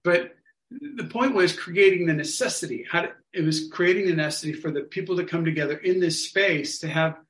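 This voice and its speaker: A man casually telling a story to an online study group, acting out what people said in lively quotes. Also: high voice, fairly quick. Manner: animated, acts out other people's lines. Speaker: workshop leader telling a story. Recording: echoey room sound.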